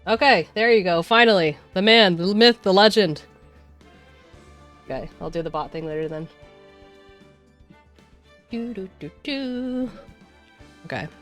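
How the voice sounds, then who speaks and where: A woman's voice: lowish voice, moderate pace, fairly bright tone, soft background music. A woman streamer chatting casually while setting up a game, muttering to herself.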